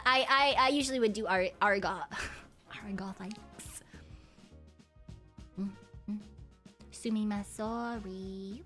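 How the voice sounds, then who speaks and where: A woman's voice: fairly high pitch, a bit bright. A young woman streamer in casual chat with her viewers, loose and giggly, swearing freely and humming while she reads chat. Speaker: VTuber streamer chatting with viewers.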